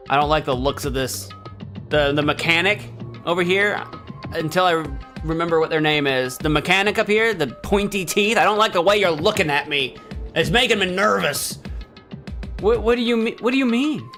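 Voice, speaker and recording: A man's voice: high voice, moderate pace, bright, forceful tone, faint music behind. A man hosting a let's play, reading game dialogue aloud and joking between the lines. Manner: playful, joking, reacts with bursts of laughter.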